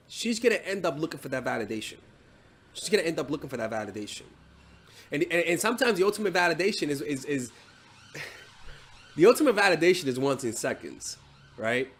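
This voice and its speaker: A man's voice: on the high side, breathy edge. A man giving dating advice as a coach in a casual monologue, blunt and profane, with frequent restarts and "right?" tags.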